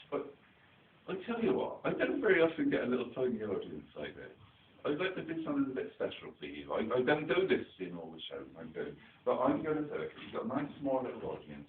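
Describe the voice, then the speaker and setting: Low-voiced man with a rural English dialect, a playful children's theatre entertainer, recorded distant and phone-like. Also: roomy sound. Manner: chatty, playful, quizzes the children. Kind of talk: storytelling to a young audience.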